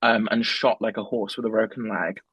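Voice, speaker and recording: A man's voice: steady tone, normal speed, a bit bright, breathy edge, no room sound, rough recording. A young man, a podcast co-host telling a comic story over a video call and acting out other people's voices. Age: young adult. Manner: acts out quoted voices with big pitch jumps.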